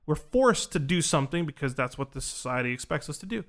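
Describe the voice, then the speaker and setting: Man, casual storytelling, animated, quotes dialogue, fairly high voice. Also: fast talker. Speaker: podcast host recounting an experience.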